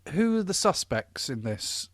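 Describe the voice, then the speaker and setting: A man's voice: on the high side, very animated, a little slow, no echo, studio quality. A man in casual chat, talking bluntly with crude jokes and sarcastic jabs. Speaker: podcast co-host.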